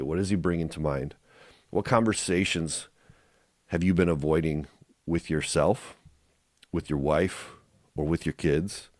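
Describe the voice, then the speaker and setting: A man's voice: extremely low pitch, darkish tone, dry recording, studio quality. A middle-aged man hosting a faith podcast, talking earnestly and putting direct questions to his listeners. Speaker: podcast host. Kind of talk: faith-based podcast talk.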